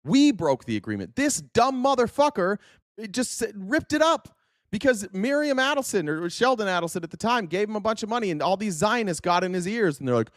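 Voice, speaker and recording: A man's voice: high voice, very animated, fairly quick, no room sound, studio quality. A man hosting a political commentary show, ranting in a heated, profane and insistent way. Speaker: host.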